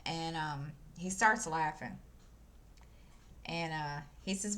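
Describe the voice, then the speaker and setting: A woman's voice: low-pitched, slow pace, a bit bright. A woman, chatting casually to viewers while she works on a craft, rambling with lots of fillers and restarts. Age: 50s. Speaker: crafting channel host. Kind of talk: casual chat while stitching. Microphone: desk microphone.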